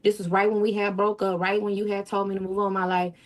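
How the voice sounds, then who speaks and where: A woman's voice: mid-range voice, flat delivery, quick pace. A woman telling her own story as an interview guest, often quoting others and swinging her voice up and down. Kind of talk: emotional first-person account.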